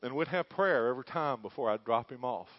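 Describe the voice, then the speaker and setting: A man's voice: medium pitch, expressive, a little fast, no echo. A man, a pastor preaching a sermon and telling a story with growing fervor. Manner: storytelling, building to fervent shouting. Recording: dull dry lo-fi.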